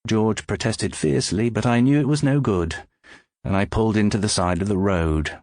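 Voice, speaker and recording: A man narrating an audiobook in scripted, expressive storytelling, close to the mic. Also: lowish voice, moderate pace, dry recording.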